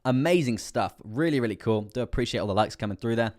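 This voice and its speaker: On a crypto livestream, a young British host walks through price charts in real time, talking fast and animatedly in a mid-range, darkish voice. He rambles, leans on fillers, keeps saying "coming through there", and sounds a little strained.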